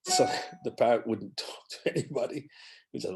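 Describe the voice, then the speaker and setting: A man, a guest musician telling animated anecdotes in a podcast interview and acting out other people's voices. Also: medium pitch, normal speed, over music. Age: 50s.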